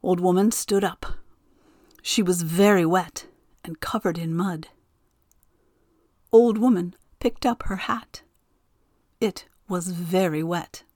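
A woman reads a storybook tale aloud, gentle and expressive in her telling. She takes her time and savors each line, recorded close and dry with no room sound. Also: fairly low pitch, slow, pauses often, no room sound. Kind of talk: storybook narration.

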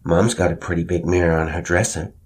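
An eager younger brother, as a male narrator puts him on, plain-spoken and helpful. The voice is lifted slightly from the narrator's low tone. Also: little pitch movement, brisk, slight background noise, natural voice.

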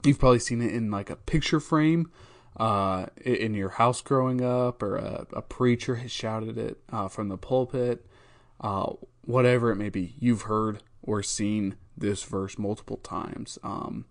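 A man's voice: on the low side, unhurried. A man hosting a podcast, talking through a Bible verse in a casual, thoughtful way, with frequent fillers and restarts. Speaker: podcast host.

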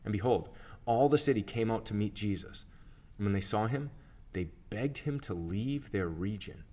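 A man reading scripture aloud for a church reading plan, in a steady, measured narration. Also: on the low side. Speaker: scripture reader.

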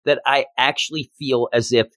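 A man co-hosts a podcast, talking casually and emotionally about a comic book in an earnest way, frequently restarting his sentences. His medium-pitched voice is steady and fairly bright, at a moderate pace, captured in studio quality with no echo.

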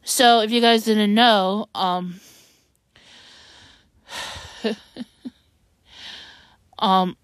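A woman's voice: mid-range voice, fairly even intonation, extremely slow, long pauses, clean tone, no room sound. A woman hosting a personal podcast monologue, emotional and rambling, stumbling over her words while upset and close to tears. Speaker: podcast host.

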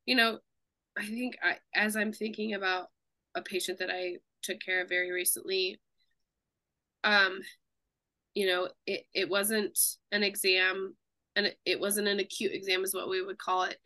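A woman's voice: mid-range voice, level tone, moderate pace, sharp tone, no echo. A woman, a nurse co-hosting a podcast, thinking aloud as she recalls caring for a patient. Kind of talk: casual podcast chat.

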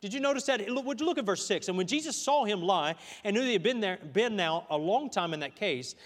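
Male pastor, sermon, folksy and conversational, high voice, long church reverb. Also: lively intonation, fast talker. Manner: folksy preaching with asides and restarts. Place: church sanctuary.

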